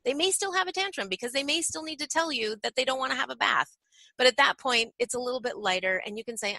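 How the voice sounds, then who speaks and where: A woman's voice: sits high, quick pace, bright, forceful tone, dry recording, rough recording. A woman parent coach as a guest on a podcast interview, telling stories and acting out playful parent voices.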